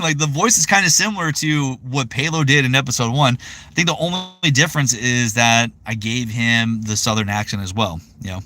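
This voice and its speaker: A man's voice: mid-range voice, a little fast, bright, forceful tone. A man in his thirties chatting casually on a live stream, rambling with lots of fillers. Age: 30s. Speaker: voice actor streaming.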